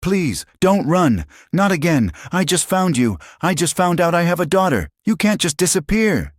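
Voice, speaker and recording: A man voicing a shaken young father who pleads hoarsely to help his daughter, in a story narration. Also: low-pitched, sing-song, unhurried, no echo, studio quality, heavily acted. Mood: frantic.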